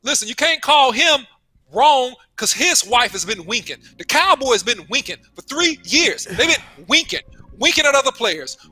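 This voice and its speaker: Very high-voiced man arguing passionately. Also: very animated, normal speed, sharp tone, no room sound. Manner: pleading, argumentative, talks over others. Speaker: co-host. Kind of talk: heated sports debate.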